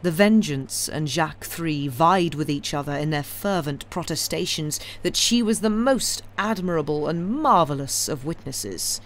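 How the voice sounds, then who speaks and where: Steady woman reader, live-streamed novel narration. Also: low voice, measured pace, hardly any pauses. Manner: steady reading with small slips corrected aloud. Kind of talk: reading a classic novel aloud on a live stream.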